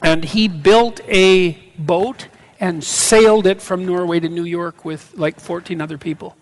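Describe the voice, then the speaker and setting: A middle-aged Canadian man speaking at a live question session in a large hall, halting and restarting often, quick to laugh. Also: high voice, fairly even intonation. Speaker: lecturer answering audience questions. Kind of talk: live on-stage Q&A. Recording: reverberant hall on stage.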